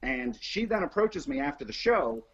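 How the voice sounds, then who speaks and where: Animated storytelling man, husky voice. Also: normal speed. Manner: animated, acts out quotes with big pitch jumps, swears freely. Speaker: host. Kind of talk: casual storytelling chat. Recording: dull lo-fi sound.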